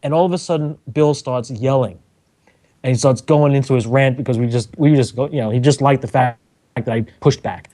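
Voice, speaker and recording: A middle-aged man, a radio engineer, telling lively anecdotes on a talk show and acting out the quotes. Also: medium pitch, a little fast. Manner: animated storyteller, acts out quotes, laughs often.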